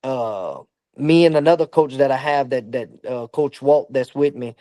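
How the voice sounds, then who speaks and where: A man from Louisiana, a boxing coach, talking in a halting, filler-heavy way as a podcast guest. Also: medium pitch, dark tone, dry recording. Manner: halting, lots of fillers and restarts. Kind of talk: casual interview talk.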